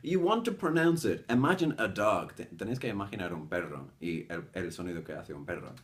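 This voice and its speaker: Lively Spanish-born English teacher, deep voice. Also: male voice, quick pace. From Spain. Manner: animated, demonstrates sounds with exaggerated examples. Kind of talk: bilingual language lesson chat.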